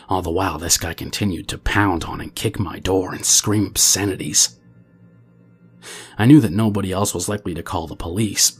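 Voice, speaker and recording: A man reading a true scary story aloud as the channel's narrator, in a steady, low-key way. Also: breathy edge.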